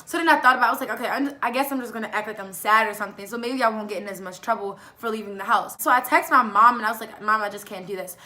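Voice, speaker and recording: A teenage girl chats through a storytime vlog, her voice high and bright. She talks loosely, full of fillers, and acts out what people said along the way. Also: very fast, few pauses. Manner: animated, acts out quoted lines with fillers. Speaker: vlogger. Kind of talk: casual storytime.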